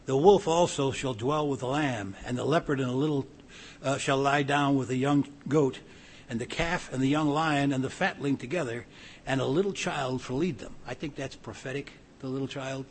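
A man's voice: medium pitch, moderate pace, slightly rough. A man preaching a sermon, reading scripture aloud and adding earnest plain-spoken asides.

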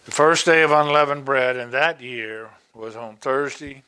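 A man preaching a sermon, reading Bible verses and explaining them with slow, deliberate asides. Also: mid-range voice, pushed and bright, clean tone.

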